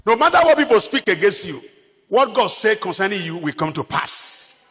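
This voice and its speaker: A man's voice: high voice, sing-song, moderate pace, a bit bright, long reverb tail. A Nigerian man preaching a sermon as pastor, emphatic, repeating his phrases.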